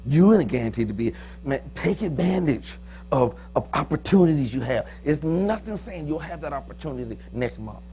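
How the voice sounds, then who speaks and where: A pastor preaching a sermon in a joking, lively manner, with sudden loud, high bursts. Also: male voice, normal speed, slight background noise. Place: church.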